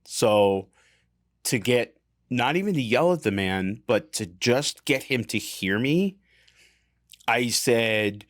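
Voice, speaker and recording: A man's voice: medium pitch, lively intonation, takes it slowly, dry recording, studio quality. A man co-hosting a podcast, telling a story in casual chat, full of fillers and swearing, and acting out the lines he quotes. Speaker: podcast co-host.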